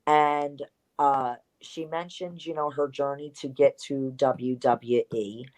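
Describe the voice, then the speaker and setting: A woman, a former pro wrestler, telling candid stories in an interview, animated and blunt, with salty language. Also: very deep voice, slow.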